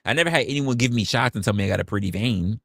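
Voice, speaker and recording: A young man hosting a livestream, telling a story in a candid, profane, animated way. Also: medium pitch, rapid-fire, gravelly, dry recording, clean studio sound. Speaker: livestream host.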